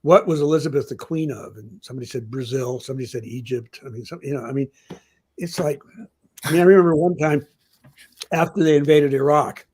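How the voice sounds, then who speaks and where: Older guy, husky voice, rambling stories w/ lots of "i mean, you know". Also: mid-range voice, brisk, a little mellow. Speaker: interview guest, journalism professor. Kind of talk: anecdotal conversation.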